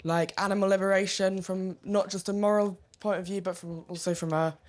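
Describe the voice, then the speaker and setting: A young woman in the audience asking a question nervously and haltingly, with frequent "like"s and hesitations. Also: mid-range voice, flat delivery, darkish tone.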